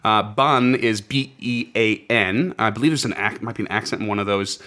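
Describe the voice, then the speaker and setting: Male podcast host, lower register, casual and enthusiastic, laughs easily. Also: normal speed, sharp tone. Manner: reads out folklore notes with enthusiasm; laughs often.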